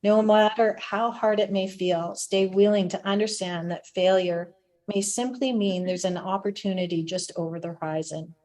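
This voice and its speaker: A woman's voice: medium pitch, steady tone, moderate pace, darkish tone. A woman, a spiritual director, giving a reflective spiritual talk and telling stories, laughing now and then.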